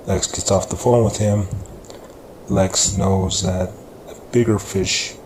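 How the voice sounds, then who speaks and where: A man narrating a crime story in a loose, rambling way with fillers. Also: deep voice. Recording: echoey room with background noise.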